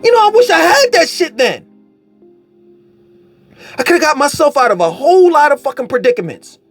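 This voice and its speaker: A man vlogging a casual commentary rant, animated, profane and mocking in tone. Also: very high voice, fairly quick, soft background music.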